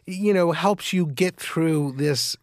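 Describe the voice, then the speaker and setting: A man's voice: on the high side, slow pace, dry recording, clean studio sound. A man co-hosting a casual radio talk show who tells jokes animatedly and restarts his sentences. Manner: animated joke-telling with hesitant restarts. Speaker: co-host.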